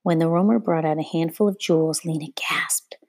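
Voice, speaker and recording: A woman reading a children's novel aloud at a steady storytelling pace, now and then rereading a slip. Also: low-pitched, a little fast, no room sound. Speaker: reader.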